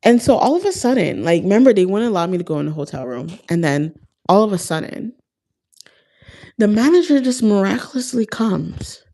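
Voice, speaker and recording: A woman's voice: medium pitch, very animated, brisk, warm tone. A young woman vlogger talking casually and earnestly to her viewers about faith, with lots of "like" fillers. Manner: chatty and heartfelt, frequent "like" fillers. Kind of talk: casual faith talk to camera.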